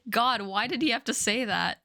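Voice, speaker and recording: A woman's voice: fairly high pitch, pushed and bright, no echo. Woman in her thirties, amused streamer. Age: 30s. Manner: laughing at her own writing, mock-dramatic asides. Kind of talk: reading old fanfic aloud on a live stream.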